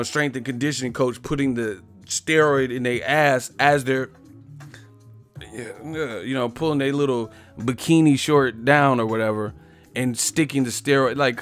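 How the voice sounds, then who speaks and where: A man hosting a boxing live stream, ranting casually and loudly, swearing, mocking and laughing often as he reads the chat. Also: mid-range voice, normal speed, soft background music.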